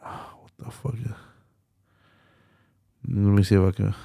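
A young man with a low, gravelly voice delivers an exasperated, profanity-laden solo rant as a podcast host. He talks slowly and with a dark, mellow tone. The sound is dry and close. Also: steady tone, dry recording. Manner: profane, exasperated ranting with lots of fillers.

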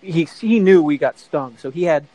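A man's voice: fairly high pitch, lively intonation, moderate pace, mellow, dry recording, rough recording. Middle-aged man rambling through a story. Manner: rambling, self-correcting storyteller who acts out quoted voices. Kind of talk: casual anecdote telling.

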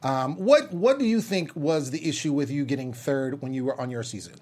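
A man's voice: mid-range voice, a little fast. Hyped man hosting a panel show. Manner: hyped, animated, playful. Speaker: host. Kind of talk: casual panel chat.

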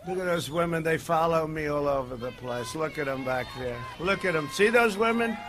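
A man giving a campaign rally speech outdoors, rambling and digressive, swinging between shouted lines and low asides. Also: lively intonation, fairly quick. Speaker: political candidate at a rally.

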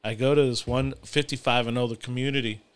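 A man's voice: medium pitch, fast talker, smooth. A young adult man hosting a podcast, telling a story in casual, profane chat. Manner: profane, animated anecdote-telling with laughs. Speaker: podcast host.

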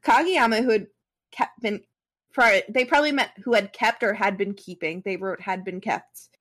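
A woman reads a fan story aloud on a podcast, stumbling a bit and breaking off for chatty asides. Her voice sits fairly high. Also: normal speed, fairly bright tone. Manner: casual, with restarts and asides while reading. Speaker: podcast co-host reading fan fiction. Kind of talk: reading aloud with commentary.

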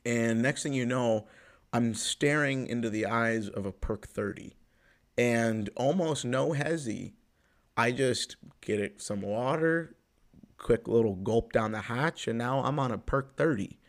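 A man in his twenties from the US Pacific Northwest, hosting a podcast and telling a personal story in a loose, profane way, with sudden jumps in pitch and loudness. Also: a little slow. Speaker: podcast host. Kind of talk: casual storytelling monologue.

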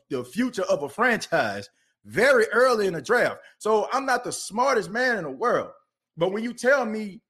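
Fired-up high-voiced podcast host. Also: male voice, a bit bright. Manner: passionate, ranting, repeats himself. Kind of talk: fired-up sports podcast rant.

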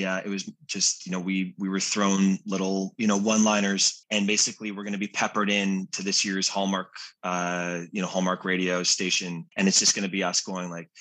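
A man's voice: fairly low pitch, fairly even intonation, normal speed, bright, forceful tone. A middle-aged man chatting as a guest in an interview, talking in loose, restarting sentences. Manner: rambling, many restarts. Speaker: guest actor. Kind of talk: casual interview chat.

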